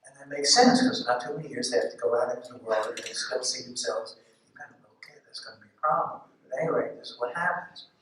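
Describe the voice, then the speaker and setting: A man of mid-range pitch lectures to parents in a school auditorium, talking in a wry, conversational way and acting out everyday family scenes. His voice is caught from far off, ringing through a very echoey hall with a faint hiss underneath. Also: fast, a bit bright. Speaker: psychologist speaking to parents. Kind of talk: public lecture with illustrative storytelling.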